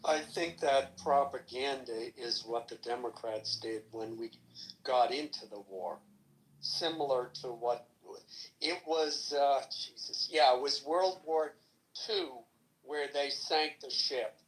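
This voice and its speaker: A man in a casual political discussion, speaking in a halting, corrective way. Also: mid-range voice, a bit bright, low-quality recording.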